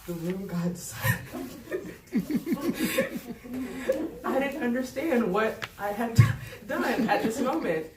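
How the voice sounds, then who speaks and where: A woman's voice: fairly high pitch, animated, slow, long pauses, a crowd in the background. A young woman telling a personal story at a live story slam, self-deprecating and laughing between lines. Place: event hall with a live audience. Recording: echoey hall, distant mic, noisy.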